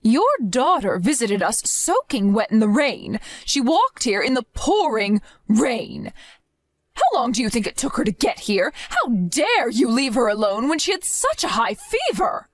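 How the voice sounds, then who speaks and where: A woman's voice: on the high side, big pitch swings, unhurried, dry recording. Stern older grandmother played by a woman, scolding and demanding, dry close sound. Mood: angry. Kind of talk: scripted story acting.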